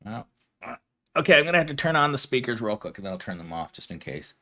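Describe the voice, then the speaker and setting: Talking to his chat during a camera-less live stream at home, a man in his thirties rambles and giggles his way through viewer comments. He has a mid-range, sing-song voice that sounds pushed and bright, and he speaks fast.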